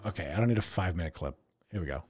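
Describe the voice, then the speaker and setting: A man's voice: low-pitched, animated, rapid-fire, a little mellow, faint music behind. A man hosting a podcast in casual chat, rambling along, swearing freely and laughing often. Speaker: podcast host.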